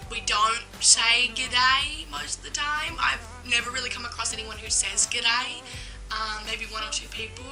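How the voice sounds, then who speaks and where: Speaking directly to the camera, a young vlogger with an Australian accent vents casually and indignantly, saying "um" and "like" constantly. Her voice is fairly high, pushed and bright, and the audio is poor.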